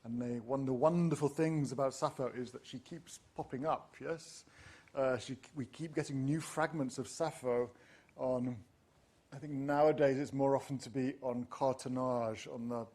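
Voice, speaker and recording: A man's voice: medium pitch, fairly even intonation, moderate pace, a little mellow. A middle-aged man lecturing on classics to teachers, speaking in a discursive way with frequent ums and restarts. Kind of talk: university lecture.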